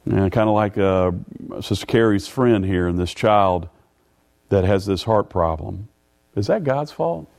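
A middle-aged man preaching a sermon in a folksy way, stumbling over repeated words and rising in pitch when reading scripture. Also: unhurried, creaky, a little mellow. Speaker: pastor.

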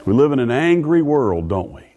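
A middle-aged man preaching a sermon in a folksy way, stumbling over repeated words and rising in pitch when reading scripture. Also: sing-song, normal speed, mellow. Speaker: pastor.

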